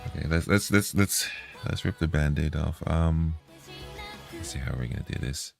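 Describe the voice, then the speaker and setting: A man's voice: rumbling low, moderate pace, creaky, over music. A man streaming a reaction video, talking in a heated, profane, repetitive way.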